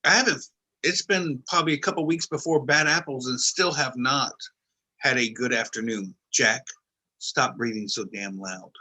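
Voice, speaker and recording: A man chatting and teasing loudly on a video call, casual and joking. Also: mid-range voice, moderate pace, breathy edge. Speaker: co-host of an online video call show.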